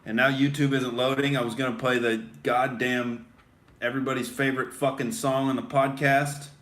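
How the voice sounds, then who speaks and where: A man's voice: mid-range voice, level tone, normal speed, a bit bright, slight background noise. A young adult male comedian ranting in character on a satirical podcast, swaggering and swearing, always calling people "dude". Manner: pumped-up, beer-drinking rant. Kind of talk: satirical bro rant in character.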